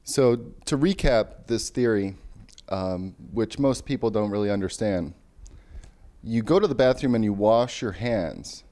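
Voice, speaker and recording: A young man rants with straight-faced seriousness, as if lecturing on something vital. His voice sits fairly low and sounds dark and mellow, with small hesitations between points. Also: lively intonation, measured pace. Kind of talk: deadpan mock-serious rant.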